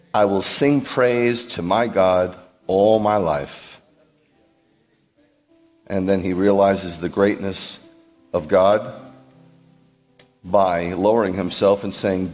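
A man's voice: mid-range voice, long reverb tail. A man, a rabbi, preaching a sermon to a congregation in a teaching manner, often checking whether listeners follow. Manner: animated teaching, asks the room questions. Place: large hall with a congregation.

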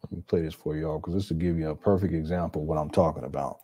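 A man's voice: extremely low pitch, steady tone, fast, mellow, slightly rough. Male commentator, casual and sarcastic, talks to the audience. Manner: chatty, sarcastic, addresses viewers directly, frequent restarts. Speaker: online commentator.

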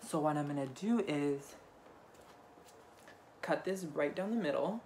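A man's voice: a little high, expressive, measured pace, darkish tone, a little hiss or hum. A young man hosting a casual shopping haul vlog while tipsy, talking in a campy, profane and rambling way. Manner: rambling, offhand delivery. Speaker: haul vlogger.

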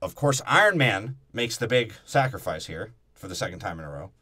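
A man co-hosting a podcast, chatting casually and crudely about a movie and mocking its characters in quick put-on voices. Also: lowish voice, lively intonation, sharp tone. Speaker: podcast co-host. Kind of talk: casual movie review chat.

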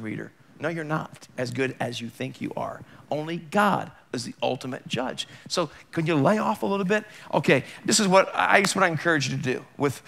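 A man's voice: sits high, bright, forceful tone. A male pastor giving a sermon in a church, talking conversationally and with emphasis, using plenty of rhetorical questions.

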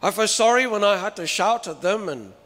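High-voiced preacher man in a reverberant hall. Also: animated, fairly quick, a bit bright. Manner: emphatic, with rhetorical questions. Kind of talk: sermon.

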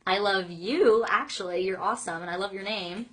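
A woman's voice: mid-range voice, normal speed, slightly rough. A young woman hosting a casual live stream chat, reading fan comments aloud in a bubbly, giggly, gushing way with lots of "like" fillers.

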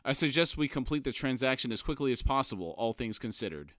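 A man's voice: mid-range voice, animated, fast, fairly bright tone, no room sound, clean studio sound, close to an everyday voice. A man voicing a plump, courteous male merchant who speaks in a polished, formal way.

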